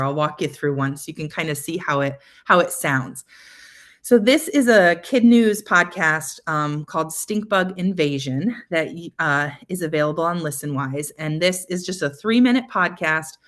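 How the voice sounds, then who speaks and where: A young adult woman, a literacy coach giving a webinar presentation to teachers, explaining steps patiently and clearly with frequent ums. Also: on the low side, fairly bright tone.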